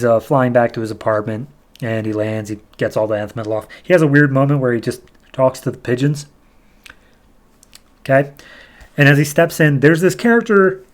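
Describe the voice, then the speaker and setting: A man hosting a podcast, casually recapping comic book issues, rambling and briefly acting out characters' lines. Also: mid-range voice. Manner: rambling, retells scenes with quick quoted character voices. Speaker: podcast host.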